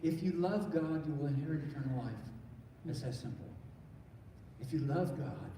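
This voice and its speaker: A man with a high voice preaches a sermon, earnest and conversational, and often restarts his sentences. He sounds distant, recorded from far across a church sanctuary. A long reverb and a faint hiss of room noise hang around his words. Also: moderate pace, dark tone. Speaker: pastor. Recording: echoey hall from far off.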